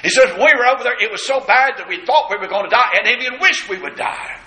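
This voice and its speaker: Man preaching, high sharp voice, big swoops, dramatic, church echo all around. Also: fast. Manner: dramatic preaching, acting out the scripture quotes. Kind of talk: sermon. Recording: echoey church room.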